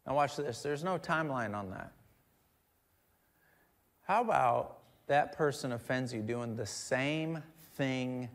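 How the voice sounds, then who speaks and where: A middle-aged male pastor preaching a conversational sermon, joking with the crowd and swinging between quiet asides and loud emphatic bursts. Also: mid-range voice, lively intonation, slow pace, long pauses. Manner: conversational, jokes with the congregation.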